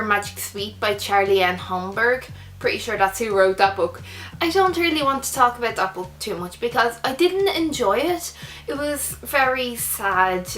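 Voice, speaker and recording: A woman's voice: fairly high pitch, a bit bright. A young adult Irish woman chatting casually to camera about books, enthusiastic and full of fillers. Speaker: book vlogger.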